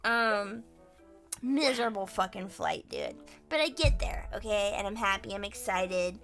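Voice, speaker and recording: A young woman hosting a casual live stream, excitable and quick to laugh, swearing freely as she tells stories. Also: mid-range voice, faint music behind. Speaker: streamer host.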